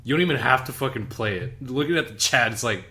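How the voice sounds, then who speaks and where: A man's voice: mid-range voice, quick pace. A man co-hosting a podcast in casual chat, telling stories with lots of laughing and swearing. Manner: animated storytelling, laughing, swearing. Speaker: podcast co-host.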